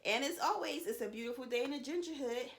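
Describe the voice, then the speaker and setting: A woman's voice: high-pitched, quick pace. A woman in her thirties giving casual, reassuring advice to other mothers in a vlog, peppered with "you know" and promises. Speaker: vlogger, mother of seven.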